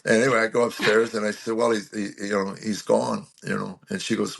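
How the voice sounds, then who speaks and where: Gravelly low-voiced comedian in his sixties. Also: fairly even intonation, fairly quick, a bit bright. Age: 60s. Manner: wry, self-deprecating storyteller; acts out quoted lines and car-engine noises. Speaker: guest comedian. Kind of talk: storytelling interview chat.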